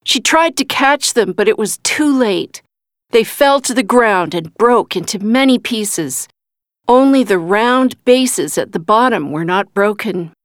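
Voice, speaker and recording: A woman narrating a storybook with slow, deliberate pacing and a mid-range voice. The sound is dry and close, with no room around it. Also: medium pitch, animated, no echo. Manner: slow, careful, clear reading. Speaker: reader. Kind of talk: storybook reading.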